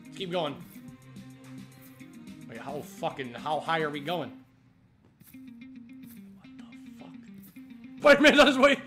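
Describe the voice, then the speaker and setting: A gaming streamer doing excitable let's play commentary, swearing a lot and laughing loudly. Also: mid-range voice, slow, long pauses, soft background music.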